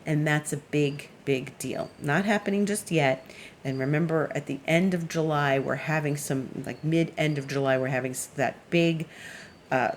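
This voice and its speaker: Astrologer woman with a low voice, rambling easy forecast talk. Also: moderate pace, a little hiss or hum. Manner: chatty and meandering, laughs while telling stories. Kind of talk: casual weekly astrology forecast.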